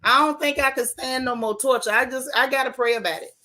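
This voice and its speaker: Reading viewer chats aloud during a reality TV reunion reaction stream, a woman with a high voice talks a little fast. The recap-channel host is chatty, blunt and casual in her grammar.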